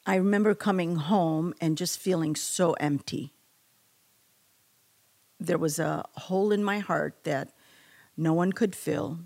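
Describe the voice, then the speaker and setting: A woman giving a personal faith testimony, telling her story with feeling and acting out quotes. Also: fairly low pitch. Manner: emotional, animated storytelling with acted quotes. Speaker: testimony speaker.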